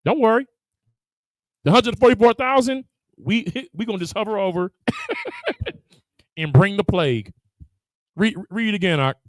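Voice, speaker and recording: Animated preacher, high swooping voice, dry room, laughs and acts out voices. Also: male voice, normal speed, pauses often, dry recording, poor audio. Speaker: religious teacher. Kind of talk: lively preaching to a congregation.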